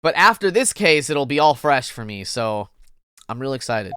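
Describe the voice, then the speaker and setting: A woman's voice: rumbling low, very animated, moderate pace, fairly bright tone, soft background music. A young adult woman streamer chatting playfully with viewers during a casual game stream.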